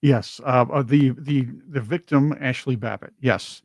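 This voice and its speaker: A man co-hosts a casual political talk show at a middling pitch. He agrees readily and drops in short remarks. The sound is dry and close, with no room in it. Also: darkish tone, no room sound. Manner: agreeable, chiming in with quick remarks. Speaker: co-host.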